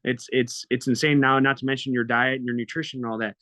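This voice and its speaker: A man's voice: mid-range voice, fairly even intonation, fast, bright, forceful tone, no room sound. A man in his thirties, a fighter as podcast guest, talking bluntly and emotionally with lots of swearing. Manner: blunt, profane, emotional storytelling. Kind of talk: candid podcast interview.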